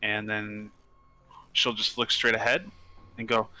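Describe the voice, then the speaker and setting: Very bright-voiced tabletop player. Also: male voice, on the low side, fairly even intonation, a little slow. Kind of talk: casual tabletop play.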